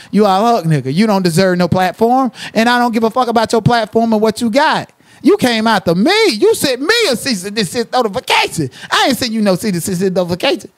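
A man's voice: high-pitched, no echo. A man hosting a livestream, cursing and trash-talking someone in a confrontational rant. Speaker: livestream commentator.

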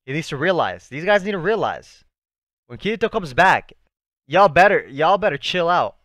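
Excitable young man reacting, lively pitch. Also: moderate pace, no echo, clean studio sound. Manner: excitable, slangy, talks to the screen. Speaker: anime reaction channel host. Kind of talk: live reaction commentary.

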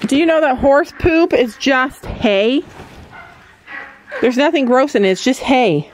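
A woman's voice: high voice, unhurried. A woman hosting a farm vlog, chatting playfully with children outdoors and laughing often. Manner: lively, playful, laughs often, explains things simply. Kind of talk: casual chat with children. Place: outdoors on a farm among animals. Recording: outdoor farm recording with noise.

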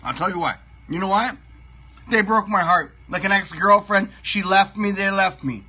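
A middle-aged man rants on his comedy sports show, cursing and repeating himself while he chews. His voice is raised and piercingly bright, with a husky grain. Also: sits high, moderate pace. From Toronto, Canada. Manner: profane, ranting, repeats himself; talks while eating pie. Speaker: show host. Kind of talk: comic sports rant.

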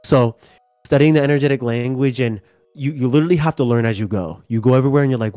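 A young man hosting a casual spiritual chat, talking in a relaxed, rambling way and swearing now and then. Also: mid-range voice, fast, no room sound, faint music behind. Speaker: channel host.

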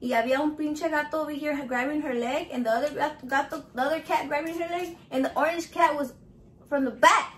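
High-voiced, foul-mouthed woman. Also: brisk, slight background noise. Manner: crude, profane, animated storytelling. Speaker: home cook filming a recipe video. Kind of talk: casual cooking vlog chat. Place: home kitchen.

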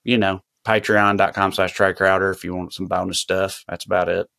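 A man's voice: deep voice, flat delivery, fairly quick, gravelly, sharp tone, dry recording, studio quality. A man with a Southern American accent, a comedian hosting a podcast who tells loose, profane anecdotes in casual chat. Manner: laid-back, profane anecdote teller.

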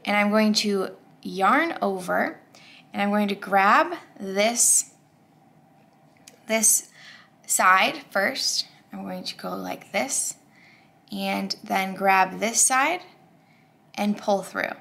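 A woman's voice: mid-range voice, drawn-out words, creaky, long pauses, bright, forceful tone. A woman hosting a crochet tutorial, talking through each step in a chatty, upbeat way with frequent fillers.

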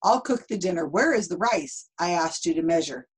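A woman in her fifties voicing a fussy, easily flustered lady of the house who exclaims in a raised, louder voice. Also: on the low side, animated, moderate pace, breathy edge. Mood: exasperated. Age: 50s.

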